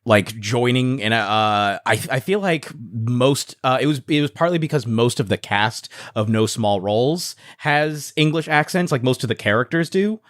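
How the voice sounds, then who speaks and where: A man's voice: medium pitch, lively intonation, dry recording, clean studio sound. A man chatting on a podcast, rambling with restarts and fillers. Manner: rambling, halting. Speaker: podcast guest, player. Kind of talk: casual chat.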